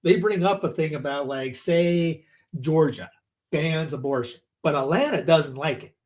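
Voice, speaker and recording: A man co-hosting a podcast in casual chat, animated and quick to mock people with put-on voices. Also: fairly high pitch. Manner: animated, mocking voices in quotes. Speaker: podcast co-host.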